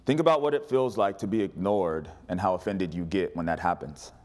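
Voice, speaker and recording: A man preaching a sermon as pastor, animated and humorous, calling on the congregation to respond. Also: sits low, a little fast.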